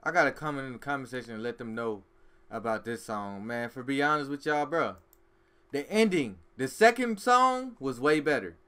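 A man's voice: mid-range voice, normal speed, clean tone. A man hosting a music reaction video, giving blunt, emphatic opinions in casual street slang. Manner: animated, emphatic street slang, says "bro" often.

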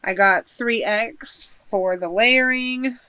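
Bright-voiced chatty woman unboxing. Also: fairly high pitch, takes it slowly, clean tone, no echo, rough recording. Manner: chatty, gushing, thinks aloud while unpacking. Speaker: haul vlogger. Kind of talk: casual unboxing chat.

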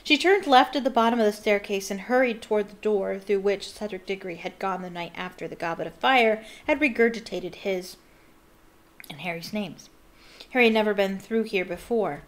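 A woman fan reading a storybook aloud with expressive, chatty asides. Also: medium pitch, normal speed. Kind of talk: casual read-aloud with commentary.

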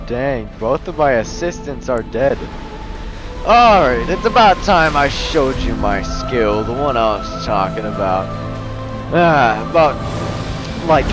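A young man giving excitable, joking let's-play commentary, often yelling. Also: on the high side. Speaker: gaming youtuber. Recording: loud game music behind.

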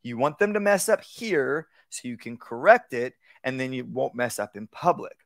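A man teaching a live workshop on dog training, talking casually and acting out calm, low commands to a dog. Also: normal speed, vocal fry, no room sound. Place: outdoor workshop.

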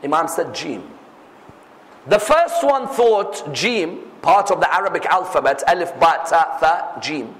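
A male preacher telling stories in a sermon, acting out each character with lively delivery. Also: a little high, normal speed, hardly any pauses. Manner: animated, acts out every character. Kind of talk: sermon storytelling. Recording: echoey hall reverb.

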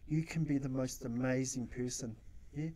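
Mellow-voiced New man telling stories. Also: medium pitch, moderate pace. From New Zealand. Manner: acts out his own quotes, swears freely. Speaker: social worker guest. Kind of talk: casual interview storytelling.

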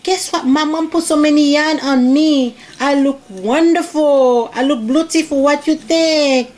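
A woman voicing a fed-up female Easter egg who speaks slow, broken English. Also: sits high, fairly even intonation, a little mellow. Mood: cheerful. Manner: slow, broken non-native English grammar.

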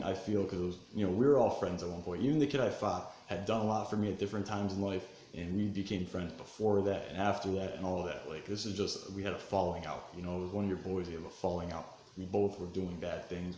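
Man in his thirties, casual profane storyteller, lowish voice, echoey living room, faint background noise. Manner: profane, animated, swings between fired-up and subdued. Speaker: vlogger telling a personal story.

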